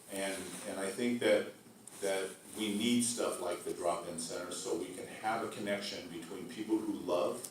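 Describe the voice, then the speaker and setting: Man, very low voice, earnest, halting, big echo, distant mic. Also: slight background noise. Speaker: community organization representative. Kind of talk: public address at a meeting. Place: community meeting room. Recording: very echoey hall, picked up from afar.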